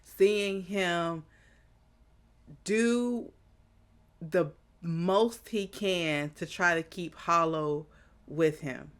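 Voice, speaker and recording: A woman hosting an anime reaction, thinking out loud in casual commentary, animated and quick to laugh. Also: lowish voice, clean tone.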